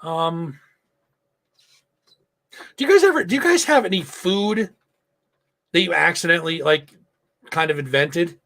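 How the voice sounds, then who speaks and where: A man's voice: fairly high pitch, lively intonation, a little slow, pauses often, fairly bright tone. A middle-aged man hosting a live show, telling a loose, rambling story with lots of swearing and fillers. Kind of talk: casual live-stream chat.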